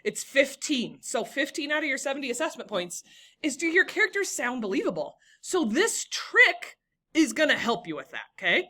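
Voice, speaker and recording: A woman's voice: high voice, very animated, normal speed, sharp tone. A young woman teaching a classroom lesson, encouraging and talking to students by name.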